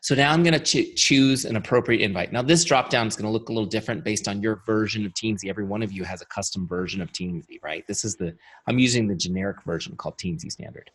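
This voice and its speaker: A man with a tired, fading voice gives an energetic webinar training, chatty and full of rhetorical questions. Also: lowish voice, fast talker. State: losing his voice. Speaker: software founder giving a training webinar.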